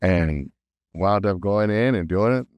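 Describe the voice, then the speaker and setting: Animated man telling stories, dry sound. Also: lowish voice, unhurried, no echo, highs cut off. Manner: animated, laughs often, acts out quotes. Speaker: voice actor guest. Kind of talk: casual interview storytelling.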